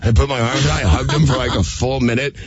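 A man's voice: medium pitch, fast talker, slightly rough. Muffled-sounding man telling a story. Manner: animated, acts out quoted lines. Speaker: comedian guest. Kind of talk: casual storytelling chat. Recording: muffled radio broadcast sound.

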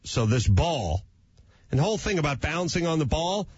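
Husky man telling a lively comic story. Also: a little high, moderate pace, dry recording, muffled recording. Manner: animated, playful, self-mocking. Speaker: talk show guest.

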